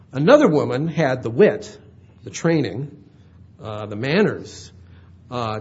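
A male pastor with a medium-pitched, slightly breathy voice preaches a conversational sermon, often checking in with his listeners by asking "all right?". The recording has its highs cut off.

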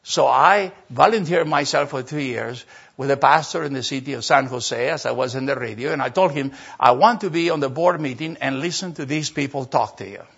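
An older man, a pastor telling a story in a sermon, animated and acting out voices. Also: medium pitch, brisk, creaky, breathy edge. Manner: animated, acts out voices and laughter. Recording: dull lo-fi sermon recording.

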